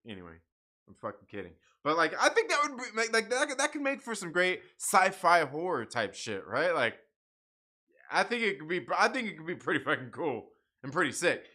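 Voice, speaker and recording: A man hosts a casual livestream, talking in a loose, rambling way full of swearing and laughter. His voice sits high and sounds bright and forward. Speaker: livestream host reading comics. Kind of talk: casual profane chat.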